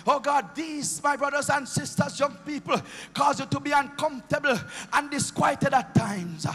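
A Jamaican bishop preaching a sermon in a church, his impassioned delivery rising into chanted shouts. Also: very high voice, normal speed, long reverb tail, soft background music. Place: church sanctuary.

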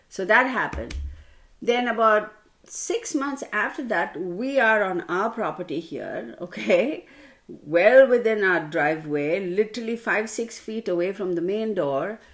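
Woman tarot reader, casual rant, animated and exasperated. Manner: animated, exasperated storytelling with sudden pitch jumps; addresses listeners as y'all. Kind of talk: casual ranting monologue.

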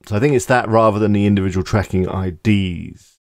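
A man with a low, gravelly, slightly mellow voice hosts a screen-recorded tutorial, speaking briskly, easily and casually while thinking aloud as he clicks. The audio is close and dry, with no echo or room sound.

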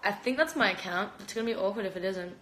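Her voice mid-range and fast, a young Australian fighter livestreams from her home kitchen through her phone camera. The chat is casual, rambling and giggly, packed with "like," with roomy echo and background noise in the room.

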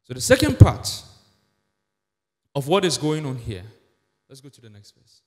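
A pastor preaching a sermon in a church, emphatic with many rhetorical questions. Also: male voice, on the high side, big pitch swings, normal speed, a little mellow. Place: church sanctuary. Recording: echoey church hall.

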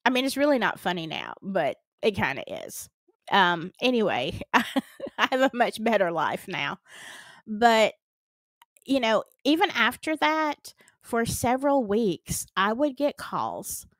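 A woman's voice: on the high side, sing-song, measured pace, fairly bright tone, no room sound. A middle-aged woman with a Southern US accent, earnestly and dramatically retelling a personal story on her vlog. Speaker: storytime vlogger.

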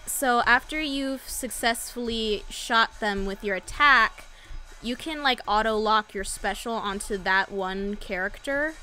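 Bright, unhurried woman playing a game. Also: on the high side. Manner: playful, swears freely, chats to viewers. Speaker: let's play host. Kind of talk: casual gameplay commentary.

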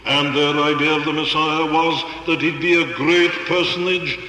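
A man's voice: on the high side, level tone, moderate pace, pushed and bright. A man preaching a sermon in an earnest, rhetorical way, piling up emphatic repetitions. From Wales. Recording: echoey hall with long reverb.

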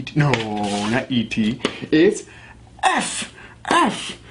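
A young man teaching a children's alphabet lesson, encouraging and sounding out each letter slowly. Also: a little high. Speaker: phonics teacher.

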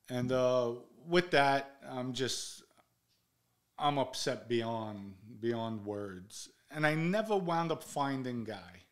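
Middle-aged New man, average pitch; blunt, profane interview guest who acts out every quote. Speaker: guest recounting his past. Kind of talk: candid storytelling.

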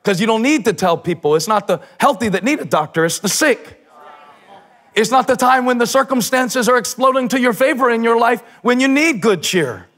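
Male pastor, high swooping voice, sermon delivery, bursts of shouted emphasis, playful asides. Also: animated, moderate pace. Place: church stage.

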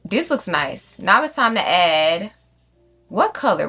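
A woman's voice: lowish voice, sing-song, slow pace, pushed and bright, breathy edge, soft background music. Profane, chatty woman gaming host. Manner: chatty, profane, talks straight to viewers; talks to the game animals. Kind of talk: casual let's-play commentary.

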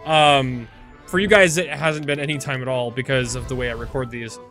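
A man's voice: mid-range voice, fairly even intonation, normal speed, fairly bright tone, faint music behind. Chatty man rambling through a game. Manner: rambling, chatty, self-correcting with many fillers. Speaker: video game let's-play host. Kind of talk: casual gameplay commentary.

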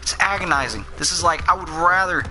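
A man's voice: fairly high pitch, a little fast, pushed and bright, faint music behind. A young man streaming gameplay live, ranting and swearing in tired frustration. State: frustrated and worn out.

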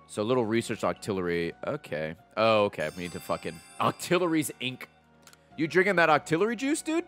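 A man in his thirties commentating live on his gameplay, swearing and reacting loudly and excitably. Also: medium pitch, a little fast, soft background music. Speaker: streamer playing a video game.

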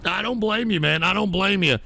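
A man's voice: high-pitched, brisk, vocal fry, slight background noise. A man hosting a call-in show, swearing and sounding exasperated as he takes callers. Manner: exasperated, swears, shouts when upset. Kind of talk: crude call-in show banter.

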